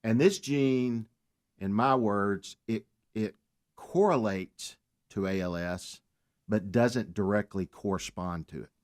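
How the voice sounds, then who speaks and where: A man with a fairly low voice tells his story on a talk radio show. He speaks earnestly, with faith woven into what he says. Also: slow pace, darkish tone. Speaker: guest.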